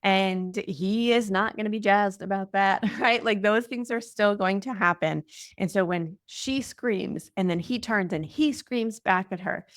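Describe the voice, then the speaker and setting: A woman's voice: medium pitch, no echo. Young adult woman, parenting guest, casual chatty delivery, dry booth sound. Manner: casual, warm explaining with frequent "like" fillers. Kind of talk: conversational interview answer.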